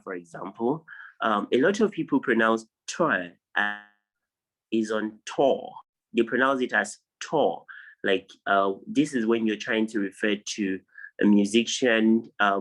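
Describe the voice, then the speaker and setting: A slow, unhurried man with a Nigerian English accent teaches English vowel sounds over a video call. His voice sits on the lower side, and he patiently repeats each word several times as he drills it. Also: fairly bright tone, rough recording. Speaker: English tutor. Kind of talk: online pronunciation lesson.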